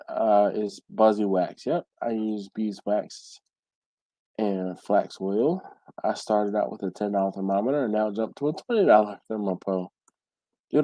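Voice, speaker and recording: A man's voice: fairly low pitch, warm tone, dry recording, poor audio. A congested man hosting a livestream, casually reading viewer comments aloud and answering them. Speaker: livestream host reading chat. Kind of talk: casual live chat. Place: home.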